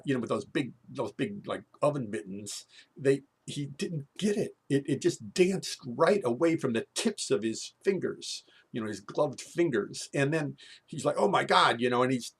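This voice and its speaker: Brief: male storyteller, husky gravelly voice, animated and rambling. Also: mid-range voice. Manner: rambling, animated, with many restarts and fillers. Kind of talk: live comic storytelling monologue.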